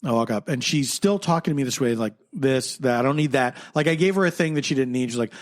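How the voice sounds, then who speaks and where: A man's voice: medium pitch, lively intonation, quick pace. A man co-hosting a podcast, telling a story in casual chat and laughing often. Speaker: podcast co-host.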